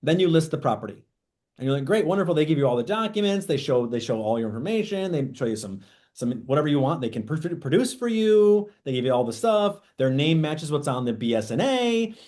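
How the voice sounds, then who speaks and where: A man teaching real estate agents in an animated training talk, often acting out quoted dialogue. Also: on the high side, brisk.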